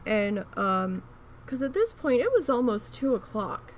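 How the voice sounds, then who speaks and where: A woman with a creaky, gravelly edge to her mid-pitched voice tells a story from her working life in a casual, frank way. She talks while crafting, restarting her sentences often. Faint noise sits underneath. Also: big pitch swings, moderate pace. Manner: chatty, frank, with frequent restarts and swearing. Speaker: crafting vlogger.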